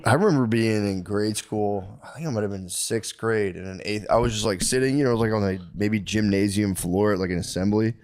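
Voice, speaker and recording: A man in his thirties, co-hosting a podcast, rambling through stories with halting restarts. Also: on the low side, a little mellow. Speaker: podcast co-host. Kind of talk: casual chat.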